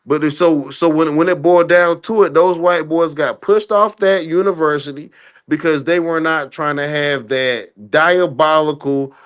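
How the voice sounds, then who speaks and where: Argumentative man, higher-pitched voice. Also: fairly even intonation, clean tone. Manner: argumentative, repeats "no" in rapid bursts. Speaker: podcast host. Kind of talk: heated casual debate.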